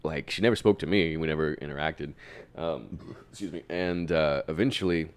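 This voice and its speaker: A man's voice: extremely low pitch, moderate pace, clean tone. A young man telling a rambling, self-deprecating story in casual chat, laughing often and swearing freely.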